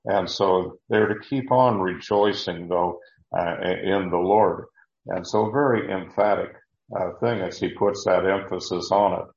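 A man giving a deliberate verse-by-verse Bible teaching, with frequent fillers and repeated words. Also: deep voice, vocal fry, darkish tone, reverberant, muffled recording.

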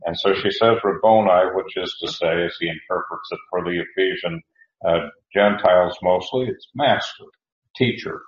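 A man preaching an expository sermon as pastor, halting often with fillers and restarts as he works through the text. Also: deep voice, roomy sound, dull audio.

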